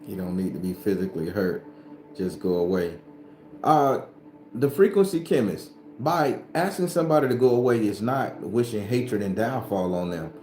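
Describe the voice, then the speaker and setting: A man's voice: lowish voice, moderate pace, darkish tone, echoey room, slight background noise. A man hosting a spiritual livestream, talking bluntly and profanely to his viewers in a casual, preachy way.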